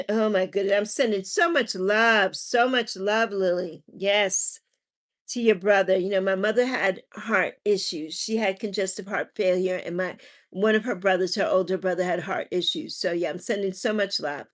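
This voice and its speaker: A woman's voice: medium pitch, normal speed. A middle-aged woman hosting a casual livestream, chatting and reading viewer comments aloud with lots of laughter. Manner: animated, laughs often, reads chat aloud. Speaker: livestream host reading chat.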